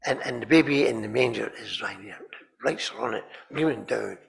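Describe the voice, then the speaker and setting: A man preaching a sermon in a chapel, telling stories animatedly and often repeating words and clearing his throat. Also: medium pitch, brisk.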